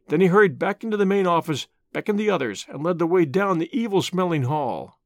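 A man reading an adventure novel aloud as an audiobook narrator, with steady, expressive storytelling. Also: sits high, brisk, few pauses, no room sound, studio quality.

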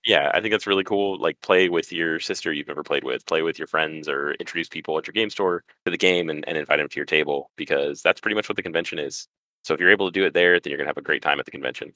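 Very deep, fast-talking podcast co-host man. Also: bright, forceful tone, no echo. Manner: quick, upbeat, repeats words. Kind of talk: casual chat.

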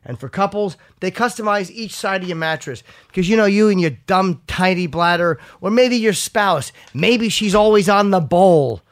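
A man's voice: sits high, normal speed, few pauses. A man hosting a casual talk show who rambles, swears freely and often restarts his sentences, also reading a sponsor ad. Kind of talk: casual chat and live ad read.

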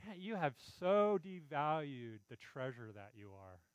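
A man's voice: on the high side, very animated, unhurried, clean tone, no echo, poor audio. A man preaching a sermon in an earnest, pleading, conversational way, often checking in with his listeners. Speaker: pastor.

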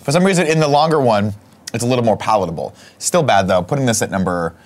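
Fast, excitable, foul-mouthed man. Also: mid-range voice. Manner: loud, profane, excitable. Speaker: podcast co-host. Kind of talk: casual comedic chat.

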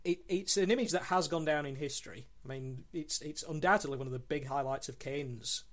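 A man's voice: fairly high pitch, a little fast, a bit bright. Enthusiastic male podcast guest. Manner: enthusiastic with frequent ums and restarts. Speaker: guest co-host. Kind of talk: casual podcast discussion.

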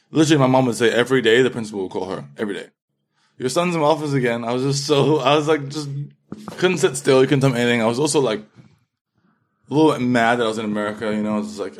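A young man from London with a London accent, telling his story as an interview guest and animatedly acting out quotes. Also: fairly low pitch. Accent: London English. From London, England. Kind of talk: casual interview chat.

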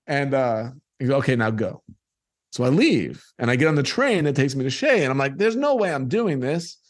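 A man's voice: mid-range voice, sing-song, a little fast. A middle-aged man telling a personal childhood story and acting out the people in it.

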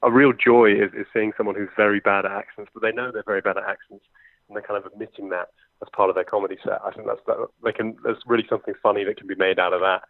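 A young comedian with a London accent talks quickly and loosely, with plenty of fillers. His voice sits fairly low. The sound is thin and dry, like a phone call. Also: steady tone, dry recording. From England. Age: 20s. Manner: quick, chatty, lots of fillers. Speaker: impressionist and comedian. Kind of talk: conversational interview. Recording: tinny phone line, dry.

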